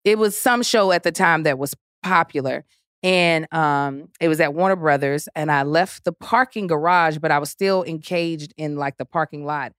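A woman's voice: sits low, normal speed, clear, resonant tone, dry recording, clean studio sound. A woman telling stories as a podcast guest in casual chat, acting out quotes and laughing often. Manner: animated storyteller, acts out quotes, laughs often.

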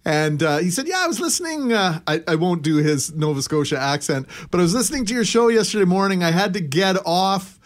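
Guy on morning radio, a bit higher voice, jokes around and laughs a lot. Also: brisk, hardly any pauses. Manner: jokey, laughs often, apologetic when reading news. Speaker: radio host. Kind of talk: morning radio chat and news reading.

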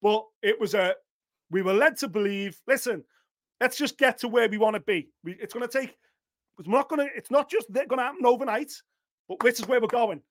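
A man hosting a fight podcast, talking casually in an animated storytelling way. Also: extremely high pitch, a little fast. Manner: animated, lively storytelling with mock voices. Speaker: podcast host. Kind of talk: casual chat.

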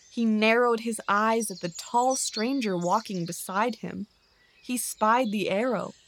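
A woman reading a storybook tale aloud in a measured, gentle way. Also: medium pitch, slight background noise. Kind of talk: scripted storybook narration.

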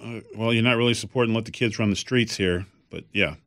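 A man's voice: fairly low pitch, fast, a bit bright, dry recording, studio quality. A middle-aged man and podcast host telling a story in casual chat, blunt and emphatic.

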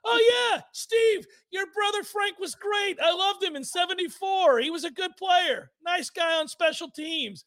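A man impersonating a frail elderly football coach who answers in a high, strained, overeager voice. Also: a little slow, few pauses, fairly bright tone, shouting.

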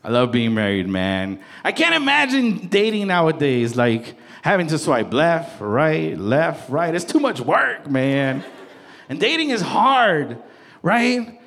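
A man in his thirties performing a playful, conversational stand-up set, slipping into quick voices for his wife and kids. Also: fairly high pitch, very animated, gravelly, fairly bright tone. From Salvadoran heritage. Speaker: stand-up comedian. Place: comedy stage before a live audience. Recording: live crowd laughter and room noise.

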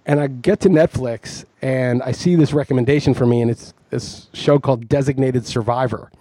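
A man's voice: mid-range voice, normal speed, dark tone, no room sound. A man co-hosting a podcast in casual chat, telling long, rambling, self-mocking stories. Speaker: podcast co-host.

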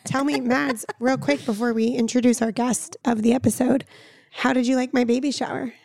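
A woman with a hoarse, raspy voice that crackles with gravel as she chats as a podcast co-host. She sits a bit higher than most women and sounds dry and close, with no room around her. She talks casually, swearing and spinning stories. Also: steady tone, normal speed, darkish tone, dry recording. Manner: casual, swears freely, storytelling. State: hoarse, lost voice. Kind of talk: casual chat.

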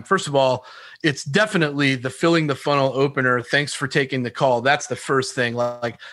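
A man, a sales trainer, answering podcast interview questions in an animated storytelling way, acting out phone calls and laughing often. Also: medium pitch, dry recording, studio quality.

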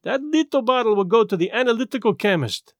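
A man voicing a small, placid detective who speaks gently and precisely. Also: very high-pitched, lively intonation, fast talker, no echo, clean studio sound, voice pushed up.

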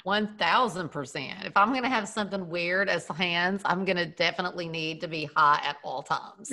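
A middle-aged woman with a Southern US accent in a casual chat, laid-back and quick to laugh. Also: on the low side, sharp tone. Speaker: podcast co-host.

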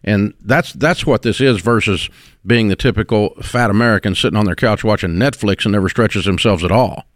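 A man's voice: on the low side, brisk, no echo, studio quality. A middle-aged man hosting a call-in advice show, folksy, blunt and encouraging. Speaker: radio show host giving advice. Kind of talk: call-in radio advice talk.

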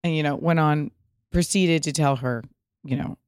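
A woman's voice: low voice, moderate pace, smooth, no echo, studio quality. A woman in her thirties from California, hosting a podcast and telling a story in casual chat, swearing freely and acting out what people said. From Pasadena, California. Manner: animated storyteller, swears freely, acts out quotes. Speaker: podcast host.

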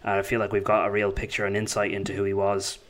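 A man with a low voice hosts an interview podcast. He speaks earnestly to his guest. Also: completely flat delivery, quick pace. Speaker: podcast host.

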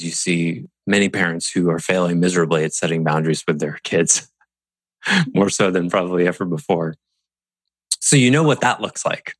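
A man coaching a group in a reflective, lively way, slipping into little acted-out inner voices. His voice sits low, and the sound is dry and close, with no room echo. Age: adult parent. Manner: expressive, mimics inner voices with changes of tone. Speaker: coach leading a group call.

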